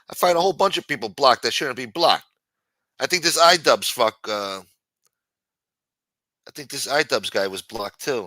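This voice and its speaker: Profane livestream host, man, exasperated rant, bright forceful voice, dry close sound. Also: fairly low pitch, expressive, moderate pace, pauses often, dry recording. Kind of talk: ranting livestream talk.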